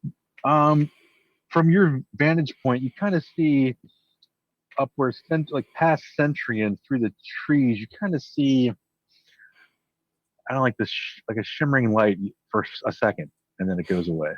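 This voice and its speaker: A man running a tabletop game as game master, narrating haltingly with many fillers. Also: mid-range voice, dry recording, highs cut off.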